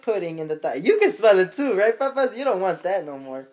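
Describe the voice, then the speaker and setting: A young father speaks to his camera at home in a loose, chatty vlog, swearing freely. His voice sits high, sounds very animated, and moves at a fairly quick pace.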